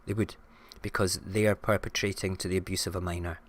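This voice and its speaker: A man's voice: deep voice, little pitch movement, fast. A Scottish man hosting a live-streamed morning show, chatting and ranting frankly with plenty of swearing. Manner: frank and ranty, swears freely. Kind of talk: casual live-stream chat and rant.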